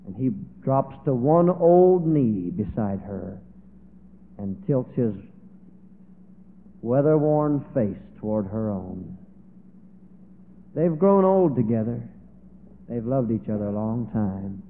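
A man's voice: mid-range voice, lively intonation, takes it slowly, long pauses, a little hiss or hum. A man preaching, telling a story in a dramatic, emotional way. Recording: tinny, phone-like echoey hall.

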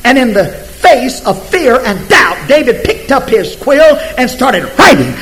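A man preaching a sermon emphatically, swinging from hushed asides to shouted scripture. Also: very high voice, big pitch swings, unhurried, hardly any pauses, soft background music, rough recording.

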